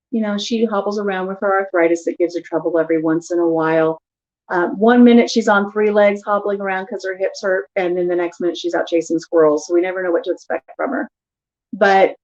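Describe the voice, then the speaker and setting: An older woman vlogger chatting casually from her living room at home, animated as she tells stories. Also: on the low side, dull audio. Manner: animated storyteller who acts out quotes. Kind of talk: casual chat.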